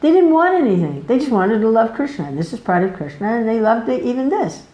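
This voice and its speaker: A woman giving a devotional scripture class, telling the stories in an animated way, laughing often and jumping up in pitch. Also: quick pace, reverberant, low-quality recording.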